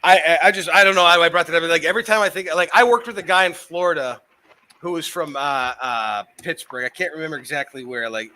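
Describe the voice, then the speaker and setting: A slightly tipsy man co-hosts a casual podcast, rambling, laughing and swearing after a few drinks. His voice is a little high, quick, pushed and bright.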